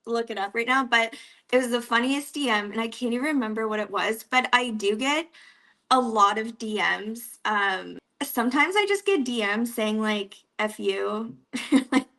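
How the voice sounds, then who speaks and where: Young woman, east coast canadian accent, bright voice, giggly, filler-heavy casual talk. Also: on the high side, moderate pace. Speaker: guest. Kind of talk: casual interview chat.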